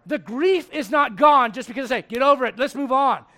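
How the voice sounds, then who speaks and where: A man in his forties preaching a sermon. He moves from loud urging to quiet confiding. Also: extremely high pitch, a little fast. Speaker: pastor.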